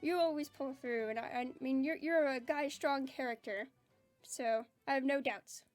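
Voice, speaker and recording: A high-pitched woman chats on a livestream and giggles often. She reads viewers' messages aloud. She calls herself low-energy, and soft music plays behind her. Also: moderate pace. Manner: self-described low-energy and introverted. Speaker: streamer chatting with live chat. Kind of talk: casual livestream chat.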